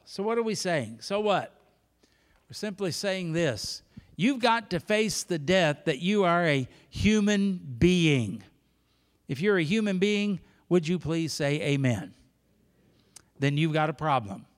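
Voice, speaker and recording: A man's voice: fairly high pitch, lively intonation, unhurried. Emphatic older man preaching in a reverberant church. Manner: emphatic preacher, repeats phrases, pleading. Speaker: pastor. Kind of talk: sermon. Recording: long reverb of a church hall.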